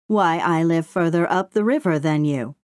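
Lady doing a polite matter-of-fact beaver, low-ish voice. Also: moderate pace, a little mellow, dry recording, clean studio sound, lightly acted. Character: polite, earnest male beaver. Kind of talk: storybook reading.

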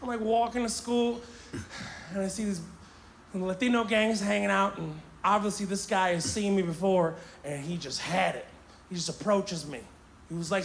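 A stand-up comedian from Kuwait telling a story in an animated way, shouting punchlines and laughing as he goes. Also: sits high, normal speed, vocal fry. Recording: roomy with background noise.

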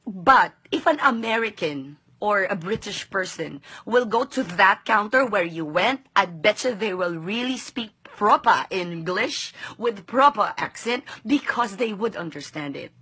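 A woman's voice: medium pitch, expressive, normal speed, hardly any pauses, bright, forceful tone, slightly rough. A Filipino-accented woman vlogger ranting straight to camera, indignant and sarcastic. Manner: indignant, sarcastic, switching between English and Tagalog. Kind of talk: angry direct-to-camera rant.

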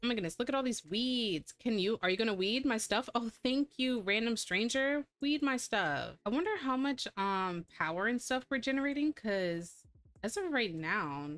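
A woman's voice: on the high side, expressive, normal speed, fairly bright tone. A woman giving casual let's-play commentary, chatty and laughing often as she bosses her game characters around. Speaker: gameplay streamer.

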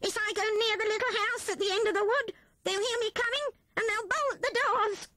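A woman voicing a thin, hungry male rat who whines and pleads in a high voice. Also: a little fast, sharp tone, no room sound, studio quality. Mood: whining. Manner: whining, high and squealing.

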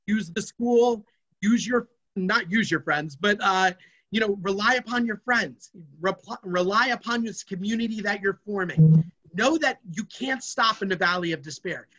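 Bright, energetic workshop presenter. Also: medium pitch, normal speed, highs cut off. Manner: energetic and emphatic. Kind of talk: motivational workshop talk. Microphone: online video session.

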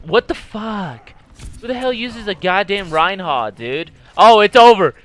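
A young man giving loud, excitable gameplay commentary, swearing and trash-talking his teammates and opponents. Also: high-pitched, measured pace. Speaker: gaming YouTuber.

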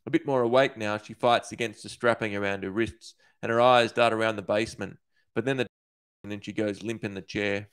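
A man from Australia, an author, reading his dark short story aloud in a steady, measured way. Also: on the low side, smooth.

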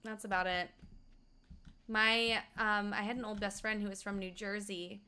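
A young woman from Colorado chatting casually and quickly while streaming a game, reading out chat and humming along. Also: medium pitch, level tone, pushed and bright, smooth. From Colorado, USA. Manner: fast-talking, chatty, reads chat aloud, hums along.

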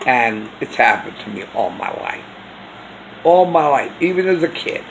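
A man's voice: medium pitch, very animated, normal speed, creaky, a little hiss or hum, low-quality recording. A man earnestly telling a personal story in a rambling way for his vlog. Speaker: vlogger.

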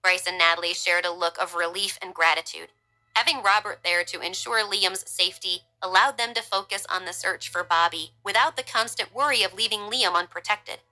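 Bright-voiced woman narrating a story. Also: on the low side, moderate pace, faint music behind, poor audio.

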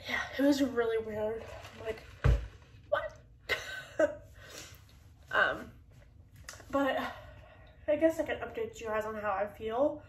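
A woman's voice: on the high side, measured pace, pauses often, distant mic, a little hiss or hum. Congested woman chatting in an echoey kitchen. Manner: rambling, chatty, with laughs and sighs. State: congested nose. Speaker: vlogger. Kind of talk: casual vlog chat. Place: kitchen at home.

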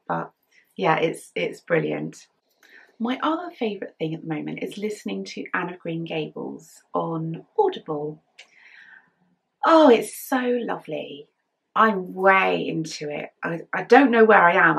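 A middle-aged woman from England hosts a knitting podcast, chatting casually and rambling with fillers and giggles. Her voice sits on the low side and sounds gravelly, husky and fairly bright, and it seems tired today.

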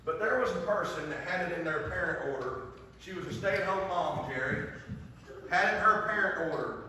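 A man preaching a sermon, telling a story with passion and dropping to a hushed voice. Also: on the high side, animated, moderate pace, slight background noise. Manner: impassioned storytelling, swings from loud to hushed. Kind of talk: sermon with altar call. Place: church sanctuary. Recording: echoey church hall, distant mic.

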